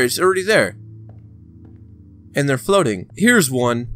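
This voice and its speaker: A man giving casual let's play commentary, excitable and talking to the game character, sometimes breaking into shouts. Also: mid-range voice, unhurried, soft background music. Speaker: gaming channel host.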